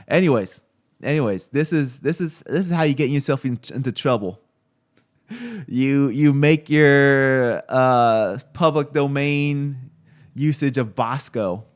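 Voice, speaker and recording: A man's voice: mid-range voice, a little slow. A man streaming live, chatting casually and rambling with many fillers and restarts while he looks things up on screen.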